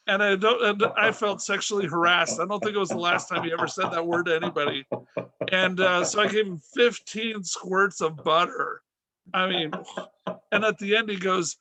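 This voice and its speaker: A middle-aged man with a high, bright voice tells comic stories as a podcast host, rambling with restarts and acting out the people he quotes. The sound is close and dry, with no room around it. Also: normal speed, dry recording. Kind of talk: casual comic storytelling.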